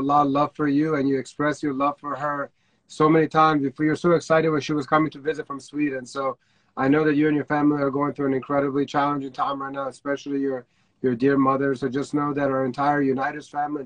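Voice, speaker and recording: A man's voice: medium pitch, a bit bright, no echo, poor audio. A man hosting a livestream talk show, speaking informally and supportively to his guest before introducing the next segment. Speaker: host.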